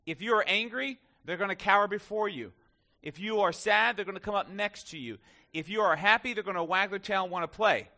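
A man's voice: high voice, brisk, sharp tone. A male pastor giving a conversational sermon in church, joking with the congregation.

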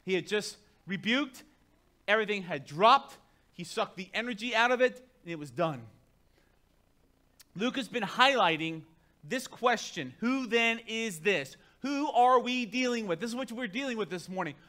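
A man preaching a sermon in a high, bright voice. He is emphatic and speaks directly to the congregation, moving between hushed, conversational asides and loud declarations. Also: expressive, normal speed. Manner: conversational, talks straight to the congregation. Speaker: pastor.

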